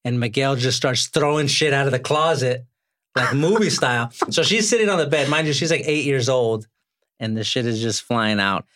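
A man in his forties hosts a chatty podcast, spinning animated anecdotes and swearing freely. His voice sits at an ordinary middle pitch. The sound is dry and close, with no room around it. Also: normal speed, no room sound. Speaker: podcast host. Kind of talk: casual chat, storytelling.

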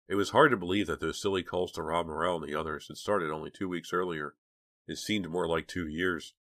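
A deep-voiced man delivers scripted audiobook narration in a steady, measured way. The recording is dry and of studio quality.

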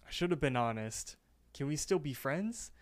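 A man's voice: on the high side, lively intonation, normal speed, close to an everyday voice. A man voicing a flustered, apologetic young male cartoon bird, with lots of stammering. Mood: earnest. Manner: stammering, hesitant.

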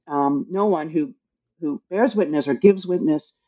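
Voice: mid-range voice, measured pace, mellow, dull audio. An author talking casually about their book, hesitant and thinking aloud, with many restarts. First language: English.

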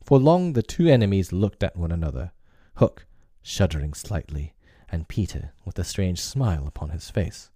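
Deep-voiced man narrating a classic storybook. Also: expressive, moderate pace, dark tone, dry recording, clean studio sound.

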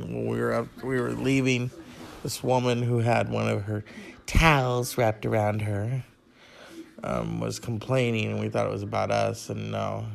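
A man's voice: mid-range voice, gravelly. A tired man hosting his own show, chatting in a rambling, casual way with crude asides and plenty of swearing.

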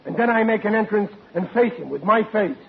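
An excitable, bumbling family man talks in a blustery, flustered rush with working-class slang. His voice sits high. It comes through a tinny old radio broadcast with a faint hiss. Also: a little fast, creaky. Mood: scheming. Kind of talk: 1940s radio comedy acting.

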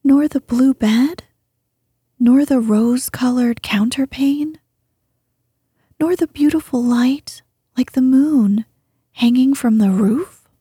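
A woman's voice: sits high, takes it slowly, pauses often, dark tone, husky, no echo, clean studio sound, heavily acted. A woman doing an eager young princess. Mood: insistent. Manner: earnest, insistent questioning.

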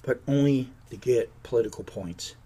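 A man's voice: mid-range voice, moderate pace, dark tone, slightly rough. A man hosting a podcast, giving an indignant, sarcastic political rant. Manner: indignant, sarcastic, mocks politicians in put-on voices. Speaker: podcast host.

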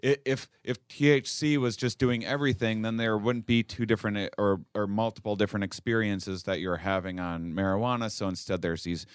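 A man's voice: lowish voice, steady tone, a little fast, hardly any pauses, clear, resonant tone, dry recording, clean studio sound. A man hosting a podcast, chatting casually in a rambling way with many restarts. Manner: rambling, restarts often, laughs a lot. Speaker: podcast host. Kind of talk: casual chat.

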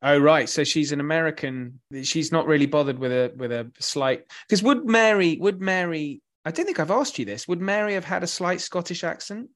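Male podcast host, slightly high voice, curious, question-driven. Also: lively intonation, normal speed, few pauses, fairly bright tone. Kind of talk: casual podcast chat.

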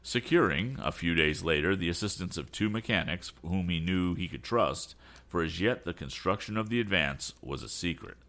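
Deep, expressive male storyteller. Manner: expressive reading with small slips. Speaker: podcast host and story reader. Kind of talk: storybook reading aloud.

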